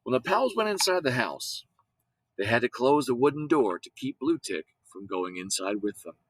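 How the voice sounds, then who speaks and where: A man reading a children's story aloud in an expressive, lively storytelling manner. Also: medium pitch, moderate pace, dry recording, rough recording. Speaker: audiobook reader. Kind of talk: storybook read-aloud narration.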